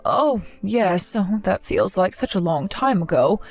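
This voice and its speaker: A middle-aged woman playing a resilient mother who gently comforts her grown daughter. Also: medium pitch, expressive, unhurried, soft background music. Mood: reassuring. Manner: gentle, reassuring.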